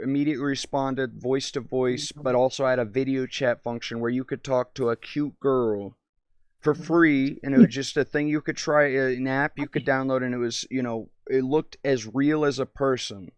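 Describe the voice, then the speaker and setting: A man's voice: mid-range voice, smooth, no room sound. A man streaming and chatting casually, telling rambling stories and often stopping to hunt for words. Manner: meandering, halting, searches for words.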